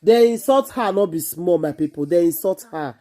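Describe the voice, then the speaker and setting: A woman with a Nigerian accent, hosting an excited monologue to camera in an emphatic, repetitive, exclaiming way. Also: lowish voice, normal speed. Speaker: vlogger host.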